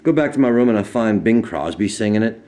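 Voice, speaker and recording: A man, a singer-songwriter, telling a loose, relaxed anecdote in an interview, acting out the other people's words as he goes. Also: lowish voice, quick pace. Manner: relaxed, loose, with fillers and acted-out quotes. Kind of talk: casual anecdotal storytelling.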